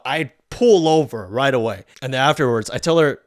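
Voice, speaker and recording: A man's voice: medium pitch, animated, normal speed, dry recording, studio quality. A man hosting a podcast, telling a story in a blunt, profane, heated rant. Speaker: podcast host. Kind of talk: ranting storytelling.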